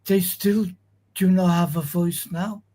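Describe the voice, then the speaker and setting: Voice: mid-range voice, fairly even intonation, unhurried, warm tone, slight background noise, low-quality recording. A livestream co-host who speaks in an earnest way and mostly chimes in to agree. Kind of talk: livestream conversation.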